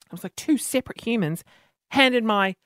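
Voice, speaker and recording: A woman's voice: a little high, animated, normal speed, a bit bright, dry recording. An Australian woman tells a funny personal story to her listeners in a chatty, self-mocking way. Her voice has a whingy, whiny edge. The recording is close and dry, with no room sound. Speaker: podcast host telling a story. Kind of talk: comic storytelling monologue.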